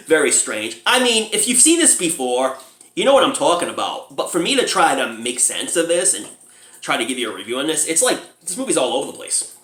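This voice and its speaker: Man reviewer, casual and giggly, animated pitch, recorded in an echoey room. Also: normal speed. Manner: laughs often while retelling scenes, mimics characters in high squeals. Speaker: movie reviewer.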